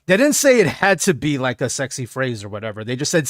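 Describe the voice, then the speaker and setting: Man, game streamer, casual chat, animated storytelling, lively pitch, dry close mic. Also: brisk, few pauses, no room sound. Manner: animated storytelling, laughs often. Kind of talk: casual chat while gaming.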